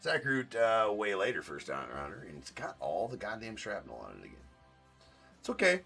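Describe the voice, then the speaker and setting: A man's voice: lowish voice, wildly swooping pitch, moderate pace, creaky, pushed and bright, faint music behind. A man hosting a live card break stream, chatting casually and joking as he opens packs, with the odd swear.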